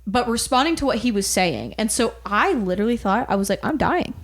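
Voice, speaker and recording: A woman's voice: a little high, a little fast. A woman co-hosting a podcast, telling stories in casual chat and saying "like" constantly. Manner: chatty storyteller, heavy use of "like". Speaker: podcast co-host.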